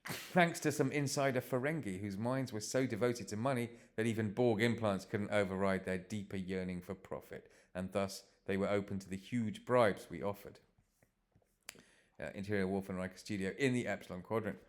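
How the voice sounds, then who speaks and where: A man reads his own comedy script aloud and breaks off for offhand, self-mocking asides. His voice sits low. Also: moderate pace.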